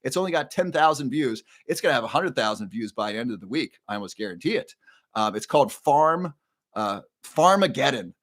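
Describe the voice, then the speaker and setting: A man's voice: medium pitch, expressive, a little fast, fairly bright tone. A middle-aged man hosting a live stream, ranting with indignation and often repeating words as he builds up steam. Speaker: show host. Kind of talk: impassioned live-stream monologue.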